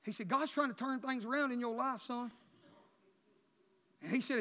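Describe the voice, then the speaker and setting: Male preacher, high-pitched and impassioned, dull recording with long church reverb. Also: moderate pace, long pauses. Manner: impassioned, rising to near-shouts then dropping low. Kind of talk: emotional sermon testimony. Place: church sanctuary.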